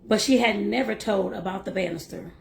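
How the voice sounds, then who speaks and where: A woman reading a novel aloud and breaking off for lively, chatty asides to her listeners. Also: mid-range voice, a little fast, gravelly, a little hiss or hum. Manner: lively, laughs and talks to listeners directly. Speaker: host and reader.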